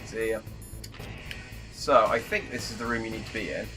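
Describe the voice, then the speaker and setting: A man's voice: fairly low pitch, moderate pace, over music. A man in his thirties co-hosting a let's-play, dry, wordy and self-mocking. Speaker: co-host of a gaming channel. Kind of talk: casual let's-play commentary.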